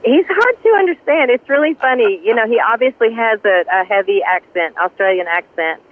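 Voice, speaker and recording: A woman's voice: fairly high pitch, brisk. A woman with a Southern US accent, a country singer telling stories in a casual interview, laughing often. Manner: lively storyteller, laughs often. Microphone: phone. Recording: tinny phone line.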